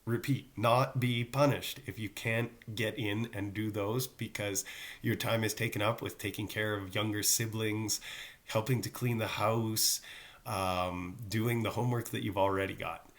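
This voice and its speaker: A man's voice: fairly low pitch, steady tone, a little slow, a bit bright. A middle-aged male teacher talking casually to his students, with joking asides. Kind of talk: casual recorded class talk.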